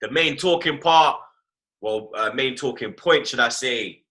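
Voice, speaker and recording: A man's voice: mid-range voice, measured pace. A man hosting a casual football chat, full of slang and repeated tag phrases. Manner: animated slangy talk, repeats "blood" and "you get me". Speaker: host.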